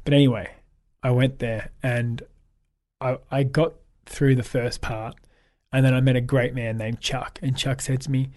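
A man's voice: medium pitch, little pitch movement, normal speed, a little mellow. An Australian man, a photographer guest, chatting casually in an interview and telling upbeat anecdotes. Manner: upbeat anecdotal storyteller, acts out quoted dialogue.

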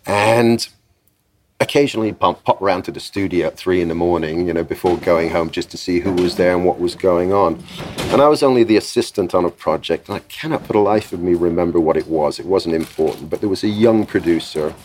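An older man with a very low, deep voice tells studio stories as a guest on an interview show. He is a lively raconteur who slips into the voices of the people he quotes. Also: a little fast, a little hiss or hum. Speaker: guest, sound engineer. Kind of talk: anecdotal interview storytelling. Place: podcast interview.

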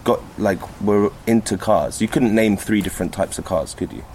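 A man with a lowish voice playfully quizzes his father at home, keeping it light. Some faint ambient noise sits behind him. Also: normal speed, a little mellow. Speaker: interviewer. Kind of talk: casual home interview.

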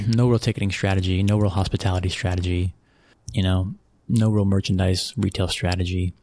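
Middle-aged American man from Texas, interview guest, lowish gravelly voice, dry close sound, easygoing and chatty. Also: fairly even intonation, a little fast, a little mellow, dry recording. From Texas, USA. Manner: conversational, repeats phrases, chuckles often. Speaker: guest, sports executive. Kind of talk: relaxed interview storytelling.

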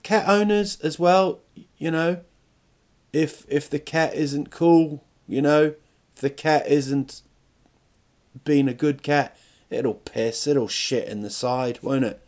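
Middle-aged man, podcast host, solo comic ramble, mid pitch, crude asides, stop-start phrasing. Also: slow pace, a little mellow. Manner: rambling, stop-start, crude jokes, rising rhetorical questions. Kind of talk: comic monologue.

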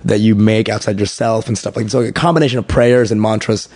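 A man, a stand-up comedian, chatting on a podcast in an animated way, swearing freely and tripping over his words. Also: on the low side, brisk, no room sound, studio quality. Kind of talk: casual podcast conversation.

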